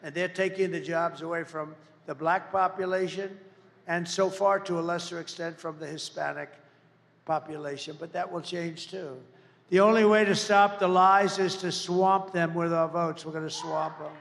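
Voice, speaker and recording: Gravelly man giving a rally speech. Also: on the high side, fairly even intonation, normal speed, a bit bright, long reverb tail. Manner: rambling, repetitive, jabbing with insults and asides. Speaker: political candidate at a campaign rally. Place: large campaign event venue.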